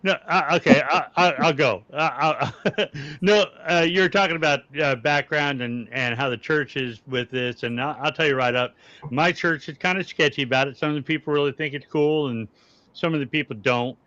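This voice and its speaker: Arkansas guy on a video call panel, earnest preachy explaining, bright forceful voice, dull lo-fi sound. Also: fairly high pitch, moderate pace, no echo. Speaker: paranormal investigator and panel guest. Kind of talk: casual panel chat. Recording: dull lo-fi audio.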